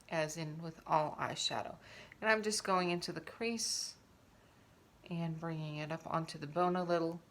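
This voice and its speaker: Bright-voiced woman giving a makeup tutorial. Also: fairly low pitch. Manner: chatty, relaxed, talks while applying makeup. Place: home.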